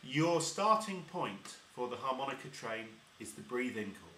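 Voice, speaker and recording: A man's voice: mid-range voice, very animated, moderate pace, distant mic, over loud music. A man teaching harmonica step by step, patiently explaining and demonstrating each sound. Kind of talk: step-by-step instrument lesson. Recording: roomy echo.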